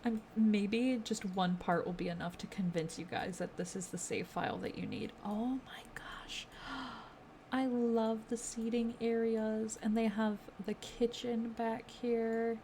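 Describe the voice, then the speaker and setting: Gushing young woman, slow-paced game commentary. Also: medium pitch, darkish tone, slight background noise. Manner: gushing, easily delighted, lots of fillers. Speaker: gaming video creator. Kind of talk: casual game walkthrough commentary.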